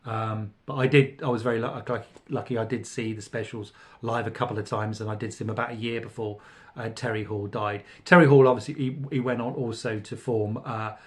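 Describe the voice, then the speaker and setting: A man's voice: fairly low pitch, fairly even intonation, fairly quick. A middle-aged man hosting a casual podcast about vinyl records, rambling with many fillers and restarts. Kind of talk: casual spoken review.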